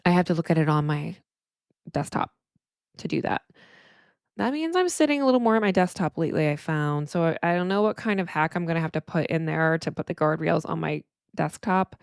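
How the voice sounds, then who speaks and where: A woman's voice: sits low, a little fast, gravelly, no room sound, studio quality. A middle-aged woman therapist hosting her podcast alone, talking candidly and emotionally with frequent restarts. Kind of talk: reflective solo podcast monologue.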